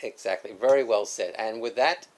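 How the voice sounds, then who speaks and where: A man's voice: fairly low pitch, moderate pace. Laid-back male host, lots of ums. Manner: hesitant, many fillers and restarts, laughs often. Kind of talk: casual educational discussion.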